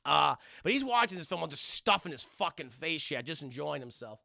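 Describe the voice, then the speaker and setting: A man streaming a profane, animated film recap to his live chat, acting out scenes and swearing often. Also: on the high side, a little fast, creaky, no room sound, studio quality. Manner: animated, acts out scenes in shouted voices, swears a lot.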